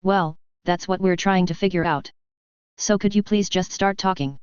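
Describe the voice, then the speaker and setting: A woman's voice: on the low side, normal speed, smooth, no echo, muffled recording, natural voice. A woman voicing a laid-back, sarcastic male shock trooper with a casual, easygoing manner in a story reading.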